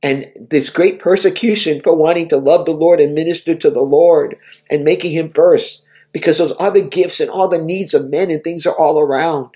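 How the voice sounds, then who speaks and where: In a devotional vision account, a man preaches earnestly and emotionally, calling his listeners to respond. He speaks at normal speed in a slightly high, dark-toned voice.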